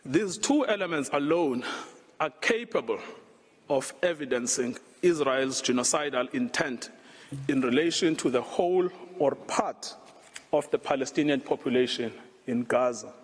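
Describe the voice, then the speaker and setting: A man delivering a formal, measured legal argument to a court. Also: mid-range voice, breathy edge. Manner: measured, grave, deliberate. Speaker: lawyer addressing a court. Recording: long reverb in a large hall.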